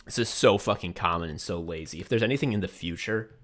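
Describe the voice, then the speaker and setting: A man's voice: deep voice, quick pace, fairly bright tone. A man co-hosting a casual comedy podcast, ranting and swearing with mock voices, laughing often as he talks. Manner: laughs often while talking. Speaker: podcast co-host.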